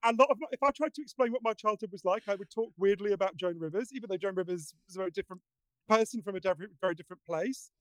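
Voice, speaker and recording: High-voiced, earnest male guest. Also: racing, no echo. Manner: earnest, animated storyteller with frequent restarts. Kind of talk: casual conversation.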